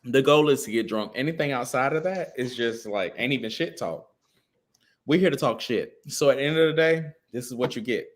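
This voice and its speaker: A man co-hosting a podcast in casual chat, crude and animated, swearing constantly and sounding a bit tipsy. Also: medium pitch, a little fast. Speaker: podcast co-host.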